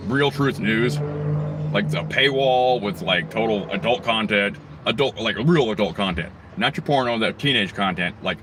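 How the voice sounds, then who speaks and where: A man's voice: mid-range voice, background noise. A man ranting angrily in a crude, rambling monologue, swearing constantly. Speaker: vlogger.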